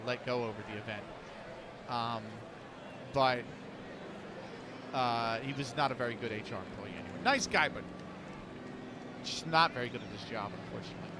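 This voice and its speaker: A man's voice: medium pitch, noisy background. A man, an esports commentator, telling a long story casually on a live stream, rambling and restarting as he quotes others.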